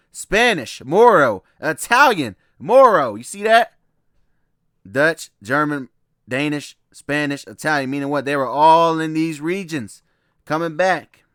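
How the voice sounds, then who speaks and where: A man talking his way through a slide lecture in a loose, easygoing manner, circling back to points and checking in with his listeners. His voice sits a little high and rings forcefully bright. The sound is close and dry, with no room around it. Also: dry recording. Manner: loose and repetitive, keeps saying "all right" and "man", laughs often. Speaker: presenter walking through slides. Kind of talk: casual lecture reading from slides.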